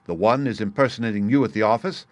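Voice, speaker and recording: A man reading the lines of a sharp, confident male detective in a crisp, explanatory manner. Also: fairly low pitch, fast, no echo, natural voice. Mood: explaining. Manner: crisp, explanatory, bursts of excitement.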